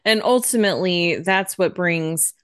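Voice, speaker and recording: A woman in a casual film discussion, speaking in a thoughtful, halting way. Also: lowish voice, clean tone, dry recording, clean studio sound.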